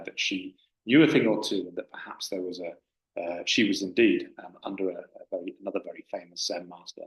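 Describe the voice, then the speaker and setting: A low-voiced man gives a Buddhist dharma talk, searching for his words with many pauses and restarts. His voice carries an echo from a roomy hall. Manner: hesitant, with many fillers and restarts. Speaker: Buddhist teacher.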